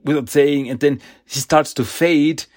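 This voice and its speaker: A man hosting a podcast, casually recapping a comic book in a slow, halting way with lots of fillers. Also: on the high side, fairly even intonation, a little mellow. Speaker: podcast host.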